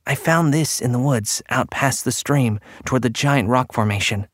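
A man's voice: medium pitch, normal speed, dry recording, studio quality, lightly acted. A man voicing a determined young woman with a firm, earnest manner in an audiobook reading.

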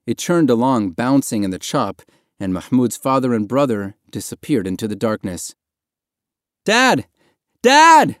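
A man reading audiobook narration in a quiet, measured, somber way. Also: on the low side, no room sound, clean studio sound. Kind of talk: scripted narration.

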